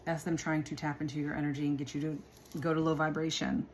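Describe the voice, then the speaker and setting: A woman chats through a casual tarot reading, calling her viewers y'all and laughing often. Her voice sits very low. A faint hiss runs beneath the recording. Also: flat delivery, fast talker. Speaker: tarot reader.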